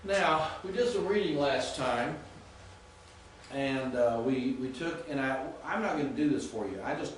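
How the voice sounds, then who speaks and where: A man teaching a class, speaking haltingly, repeating words and quizzing students as he goes. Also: medium pitch, a little hiss or hum. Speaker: Greek teacher. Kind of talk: classroom lecture. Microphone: distant room mic. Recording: echoey classroom from far off.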